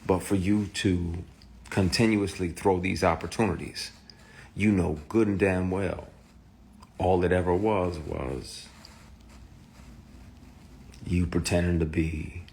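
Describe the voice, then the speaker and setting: A man's voice: deep voice, steady tone, slow pace, pauses often, a little hiss or hum. A man telling a personal story in a candid, profane way, heated and blunt. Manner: profane, heated, shouts in retold quotes. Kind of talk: candid personal account to camera.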